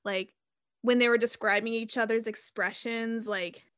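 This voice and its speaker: Young woman, podcast co-host, casual and animated; higher voice, close dry mic. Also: normal speed, smooth, dry recording. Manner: animated, laughing, acts out her own reactions. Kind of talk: casual chat.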